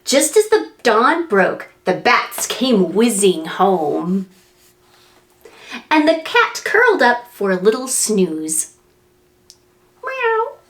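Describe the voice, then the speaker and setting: Lively sing-song woman reading to preschoolers. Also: mid-range voice, takes it slowly. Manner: animated, sing-song, makes animal and wind sounds. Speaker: children's librarian. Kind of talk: reading a picture book aloud to preschoolers.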